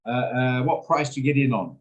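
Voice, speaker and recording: A man with a medium-pitched voice talks at a moderate pace while hosting an online trading session. He's chatty and blunt and often wanders off topic. The video call gives his voice a roomy echo.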